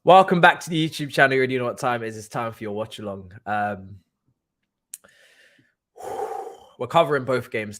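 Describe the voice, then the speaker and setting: A man's voice: fairly low pitch, a bit bright. A young man ranting in a casual live-stream, exasperated and sarcastic, swearing now and then. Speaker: football watchalong streamer.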